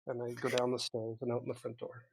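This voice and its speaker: A man's voice: medium pitch, completely flat delivery, fast talker, creaky, a little hiss or hum. A man playing a tabletop game, thinking aloud with many likes and restarts, sometimes speaking as his character. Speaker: player. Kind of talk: casual tabletop play.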